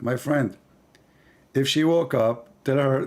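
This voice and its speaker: A man hosting a live stream, talking in a mocking, animated way with sudden drops to a mutter. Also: medium pitch, moderate pace.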